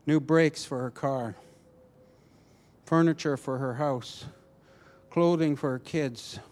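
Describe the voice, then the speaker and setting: A man preaching a personal testimony, telling the story animatedly with halting restarts. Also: on the high side, a little mellow.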